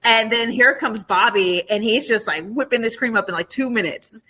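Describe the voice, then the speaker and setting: A woman with a bright, clear voice chats as a podcast guest. She tells her stories with animation and breaks into laughter often. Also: on the high side, moderate pace. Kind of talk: casual interview chat.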